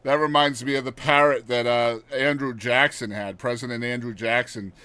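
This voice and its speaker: A man hosting a casual podcast, upbeat and leading the guest through quick-fire question segments. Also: mid-range voice, fairly even intonation, pushed and bright, clear, resonant tone, no echo. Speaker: podcast host.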